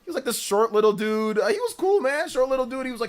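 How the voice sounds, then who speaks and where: A man hosting a live stream, telling stories in a casual, animated and slangy way. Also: high-pitched, fast talker, few pauses, soft background music. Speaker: streamer host. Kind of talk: casual livestream chat.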